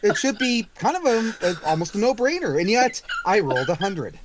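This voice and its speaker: A man's voice: high-pitched, sing-song, brisk, very noisy. A man playing a tabletop game, swearing and stammering in disbelief at a failed roll. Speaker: player. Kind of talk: casual tabletop play.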